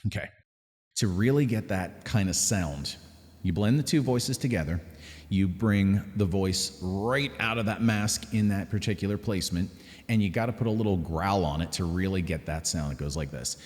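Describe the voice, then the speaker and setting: A man's voice: low voice, moderate pace, darkish tone. A man giving a casual singing lesson as a vocal coach, explaining technique in a pedantic way with short sung demonstrations. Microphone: close mic with added reverb at times.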